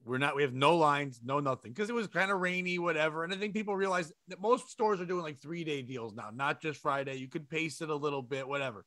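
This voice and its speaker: A man's voice: fairly high pitch, fast talker, few pauses, no echo. A man co-hosting a casual comedy chat, telling stories and acting out the people in them. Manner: animated storyteller who acts out shouting customers. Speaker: podcast co-host.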